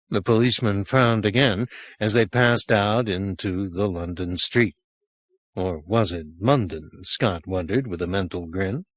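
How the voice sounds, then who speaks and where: A man reading a horror short story aloud as an audiobook narrator, measured and expressive. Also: sits low, no room sound. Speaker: audiobook reader.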